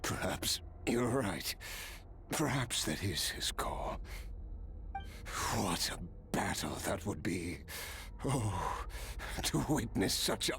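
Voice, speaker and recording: A grave, deep game being. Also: male voice, sing-song, a bit bright, a little hiss or hum, exaggerated voice. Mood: wistful. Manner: slow, solemn, measured.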